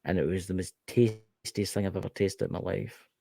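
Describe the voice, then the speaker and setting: A man's voice: low voice, steady tone, normal speed, creaky, dark tone. A Scottish man co-hosting a casual chat show, ranting animatedly and swearing freely. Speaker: podcast co-host.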